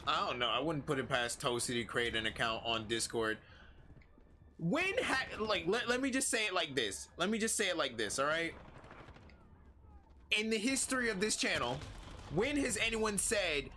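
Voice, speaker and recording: An excitable male streamer talks through his match in playful, casual chatter. His voice has a bright, forward edge. A faint hiss sits under the recording. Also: sits high, moderate pace. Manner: excitable and playful, yelping when startled. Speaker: livestreamer. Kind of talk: casual gameplay commentary.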